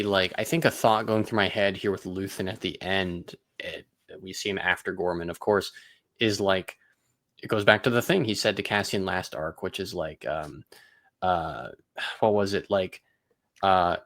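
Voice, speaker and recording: A man hosts a casual review conversation, laying out his thinking in long analytical stretches. His voice sits a little low, and the recording is close and dry with no room sound. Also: moderate pace, fairly bright tone, dry recording. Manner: analytical, talks in long explanations. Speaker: podcast host.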